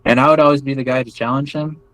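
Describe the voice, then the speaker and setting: A man's voice: mid-range voice, steady tone, fast, fairly bright tone, dry recording, poor audio. Rambling American man, dry close sound. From United States. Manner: rambling, many fillers and restarts. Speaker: interview guest recounting experiences. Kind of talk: casual spoken storytelling.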